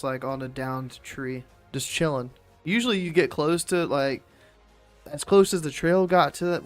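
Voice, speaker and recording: A man streaming a game and chatting casually, rambling and laid-back, swearing freely and laughing often. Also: medium pitch. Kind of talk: casual chat while gaming.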